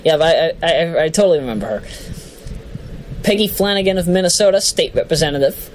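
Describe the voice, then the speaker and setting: A man's voice: a little high, expressive, brisk, slight background noise, poor audio. A man giving casual political commentary who jokes, stumbles over names and laughs at himself. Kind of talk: casual commentary reading a list.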